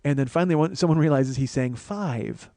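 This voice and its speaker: A man's voice: on the high side, fairly quick, mellow, dry recording. A man telling a comic story as a podcast host, profane and ranting with mock paranoia.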